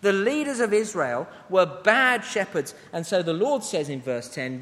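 A man with a notably high voice delivers a sermon in a church. He reads scripture passages aloud and breaks off for plain asides to the congregation. His words ring out with a long reverb from the hall. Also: very animated, unhurried, hardly any pauses, fairly bright tone. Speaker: preacher.

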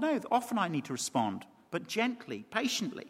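A man preaching an animated sermon, speaking directly to the congregation. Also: high-pitched, a little fast, husky. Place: large church. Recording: long hall reverb.

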